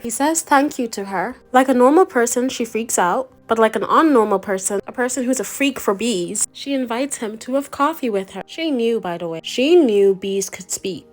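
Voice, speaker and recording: Crude, sarcastic young woman recapping a movie. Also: a little high. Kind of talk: comedic movie recap narration.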